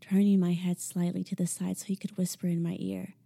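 Woman reading an audiobook, low gravelly voice, very mellow and dark. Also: level tone, a little fast, hardly any pauses. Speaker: audiobook narrator. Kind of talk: first-person scripted narration.

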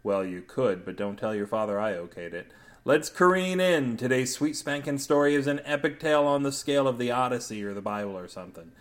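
A man's voice: medium pitch, a little fast. A man hosting a podcast and reading a comic story aloud, playful, with absurd wordplay. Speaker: podcast host and story reader.

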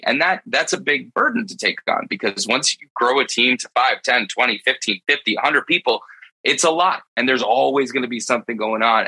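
Earnest man with a bright, husky voice. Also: mid-range voice, rough recording. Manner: earnest, confessional, with quick bursts and restarts. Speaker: pet care business owner, panelist. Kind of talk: candid roundtable discussion.

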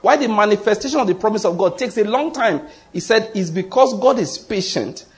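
A man preaching a sermon in an emphatic, animated way, often repeating his points and acting out quoted voices. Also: high voice, brisk. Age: adult, goes to the gym.

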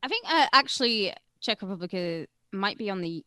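Bright, cheeky British woman. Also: mid-range voice, animated, brisk, clean tone, dry recording, clean studio sound. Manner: cheeky, blunt, teasing. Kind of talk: casual chat.

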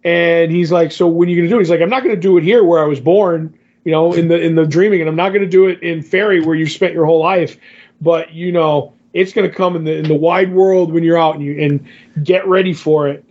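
A man's voice: on the high side, steady tone, fast, a little mellow. Rambling man with a dull lo-fi sound. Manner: rambling, many fillers and restarts. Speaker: podcast co-host. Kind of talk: casual comic book discussion.

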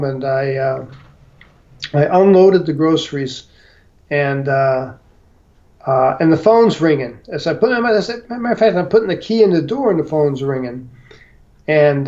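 A man speaks as a guest in a slow, unhurried way. His voice sits a little high for a man. He tells his story haltingly, full of fillers and restarts, over dull lo-fi audio. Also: darkish tone. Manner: hesitant, many fillers and restarts.

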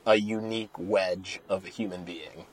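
A man's voice: low-pitched, fairly even intonation, moderate pace, a crowd in the background, poor audio. Jokey man hosting a casual interview. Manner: jokey, swears freely. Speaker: podcast host.

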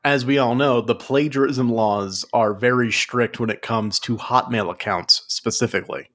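Male podcast co-host, deadpan mock-serious delivery, mid-range pitch. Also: moderate pace. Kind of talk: casual comedic chat.

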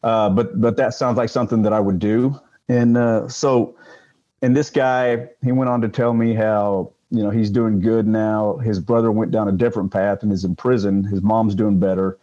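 Older male guest, ex-police, low voice, rambling storyteller, muffled lo-fi audio. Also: fairly even intonation, moderate pace, warm tone. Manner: rambling, with many fillers and restarts. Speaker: guest, retired police sergeant. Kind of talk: casual interview storytelling.

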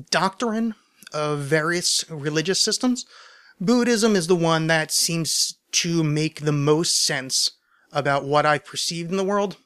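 A man talks alone on his podcast, answering listener questions. He rambles and stammers, wired from too much caffeine, and mocks himself as he goes. His voice sits a little higher than most men's. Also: sharp tone, smooth. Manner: rambling, stammering, self-deprecating. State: overcaffeinated. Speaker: podcast host.

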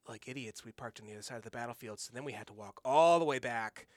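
A man recounting a personal story in a loose, rambling way, full of "like" and "um" and restarts. His voice sits at an ordinary middle pitch. It is recorded dry and close, with no room sound. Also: quick pace, no room sound. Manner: rambling, animated anecdote with many fillers and restarts. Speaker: guest. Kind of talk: casual storytelling. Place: studio.

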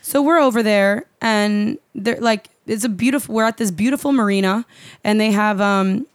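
A young woman co-hosting a podcast, telling a story in an animated, profane, casual way with lots of fillers. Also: medium pitch, normal speed, dry recording. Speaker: podcast co-host.

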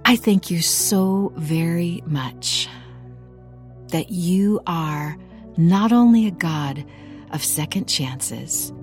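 Woman Bible teacher, middle-aged; unhurried, expressive scripture reading and prayer over faint music. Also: lowish voice. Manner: earnest, expressive reading with call-and-response.

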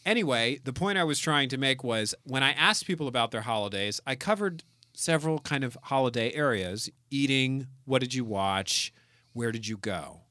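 A man co-hosts a casual podcast in a bright, forceful voice, wry and animated as he jokes and reads listener comments. The sound is close and dry, with no room around it. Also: mid-range voice, moderate pace, no room sound. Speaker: podcast co-host.

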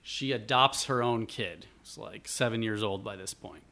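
A man from Buffalo, New York, telling a family story in casual chat as the guest, lively and rambling, acting out quotes along the way. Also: lowish voice, normal speed.

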